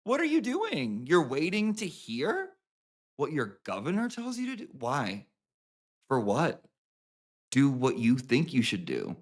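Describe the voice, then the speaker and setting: A man's voice: medium pitch, wildly swooping pitch, slow pace. A man ranting to his viewers, sarcastic and full of swearing, repeating lines for emphasis. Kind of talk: profane sarcastic rant to camera.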